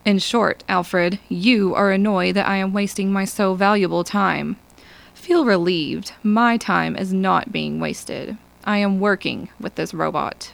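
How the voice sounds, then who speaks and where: A woman's voice: mid-range voice, measured pace, vocal fry. A woman voicing a stern, precise robot psychologist who speaks in a cold, clipped way in an audiobook.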